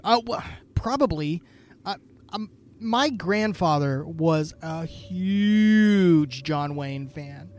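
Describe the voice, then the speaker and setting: A tipsy man co-hosts a podcast in loose chat, hesitant and quick to run himself down. His voice is markedly high for a man. He fills pauses with ums. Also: animated, a little mellow. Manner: self-deprecating, hesitant with many ums. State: tipsy from drinking. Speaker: podcast co-host. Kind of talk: casual chat.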